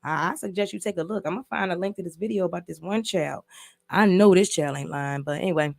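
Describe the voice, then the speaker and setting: A woman's voice: fairly low pitch, quick pace, creaky, darkish tone, dry recording. A woman casually recapping and reviewing a movie, telling the story in an emphatic, profane way with lots of repeats.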